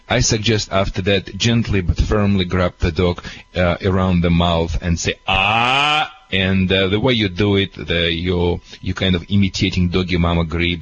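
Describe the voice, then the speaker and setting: A man who is not a native English speaker gives earnest, halting advice to a caller on a call-in radio show. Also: low-pitched, muffled recording, a little hiss or hum. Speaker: dog trainer.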